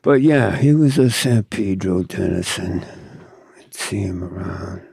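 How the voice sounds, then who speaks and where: A man's voice: deep voice, steady tone, a little slow, creaky, darkish tone, breathy edge, no echo, clean studio sound. An older man from Southern California, a tattoo artist telling stories in a laid-back, profane drawl as an interview guest. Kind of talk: casual storytelling.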